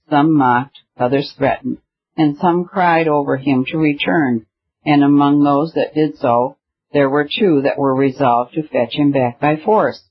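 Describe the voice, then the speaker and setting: Male narrator, slightly high and husky, measured old-style allegory reading, muffled lo-fi sound. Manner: measured, reads scripture references aloud. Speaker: audiobook reader.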